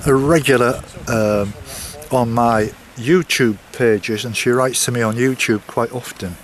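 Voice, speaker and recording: A man's voice: medium pitch, unhurried. A man chatting casually to his viewers while out on a coastal walk, rambling a little and apologising now and then. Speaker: walking vlogger. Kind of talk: casual walking vlog to camera.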